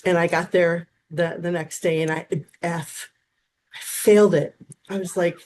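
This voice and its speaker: A woman in her fifties from Wisconsin, a therapist guest telling lively stories and acting out quotes in a casual interview. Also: on the low side, unhurried, a little hiss or hum. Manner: animated storyteller, acts out quotes.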